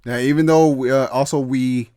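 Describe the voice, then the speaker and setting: A man's voice: mid-range voice, steady tone, moderate pace, dark tone, clear, resonant tone, no room sound. A young man hosting a casual podcast chat, hesitant with many fillers and restarts. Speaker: podcast host.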